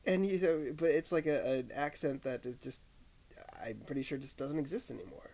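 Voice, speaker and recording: A man's voice: a little high, moderate pace, creaky, darkish tone. A man co-hosting a podcast in casual chat, laid-back and often trailing off with a laugh. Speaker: podcast co-host.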